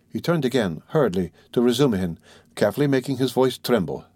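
A man narrating a novel in a steady, measured reading. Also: on the low side, slightly rough, no room sound, clean studio sound. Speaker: audiobook narrator. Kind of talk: scripted narration.

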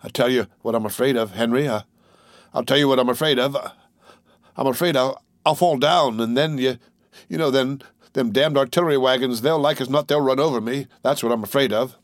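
A man's voice: medium pitch, a little fast, no room sound, studio quality, lightly acted. A man voicing a badly wounded young soldier who pleads in a stammering rural drawl. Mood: frightened pleading.

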